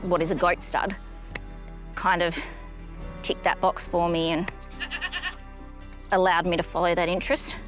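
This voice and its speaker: A young woman with an Australian accent speaks in a low-set voice, explaining her farm work plainly and without fuss. She is outdoors in a paddock, recorded for a rural documentary. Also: little pitch movement, unhurried, long pauses, over music, rough recording. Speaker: goat breeder.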